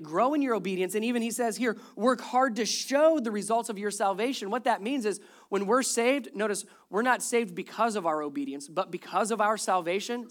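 A man's voice: high voice, a bit bright. A man in his thirties preaching a sermon as pastor, speaking conversationally, with wry humor and repeated emphasis on key words.

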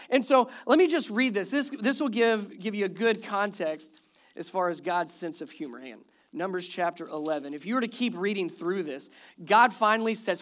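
A preacher in full sermon mode, moving between quiet, earnest reflection and animated retelling of scripture stories. The voice sits at an ordinary middle pitch and keeps a conversational, joking touch with the congregation. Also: normal speed. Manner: animated storytelling, acts out quoted complaints; jokes with the congregation. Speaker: pastor.

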